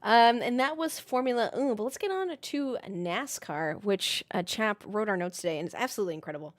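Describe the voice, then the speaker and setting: Casual podcast co-host: woman, New England accent, animated delivery, dry close sound. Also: mid-range voice, fairly quick, no room sound. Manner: laughs often, swears, says "like" a lot. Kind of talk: casual chat.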